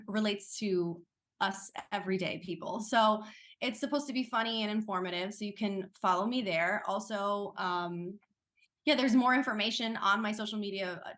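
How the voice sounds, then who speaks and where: Chatty actress guest, woman, animated delivery, mid-range voice, easy laughs. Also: medium pitch. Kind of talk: casual interview talk.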